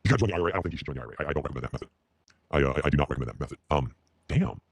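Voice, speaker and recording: A man chatting on a livestream in a rambling, halting way, stammering and repeating his words. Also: extremely low pitch, husky, no echo. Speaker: streamer.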